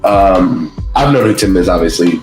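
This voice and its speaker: Guy telling a gaming story on a podcast, lowish voice, roomy echo, faint music under it. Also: normal speed. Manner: animated storytelling, acts out quotes. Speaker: podcast guest, streamer. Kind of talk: casual interview chat. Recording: echoey room.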